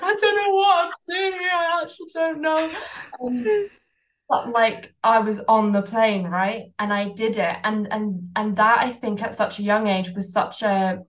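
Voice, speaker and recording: A woman talking as a podcast guest in an open, unguarded way. She drops "like" into her sentences often and swears without fuss. Her voice sits at a middle pitch. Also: rough recording. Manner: candid, swears casually, frequent "like" fillers. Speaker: podcast guest, coaching client. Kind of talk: candid conversational storytelling.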